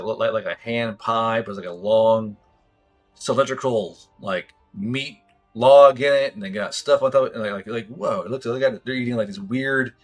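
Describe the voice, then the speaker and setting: A man's voice: medium pitch, a bit bright. Guy gm narrating a tabletop game, lots of swearing and likes, rambly. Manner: profane, rambling descriptions with many fillers. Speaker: game master.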